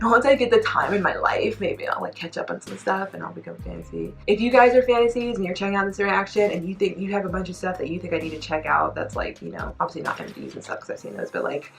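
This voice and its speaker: A woman's voice: on the low side, creaky. Gushing young-sounding woman vlogger. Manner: gushing, excitable, peppered with "like". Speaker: YouTube reaction vlogger. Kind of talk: casual chat to camera.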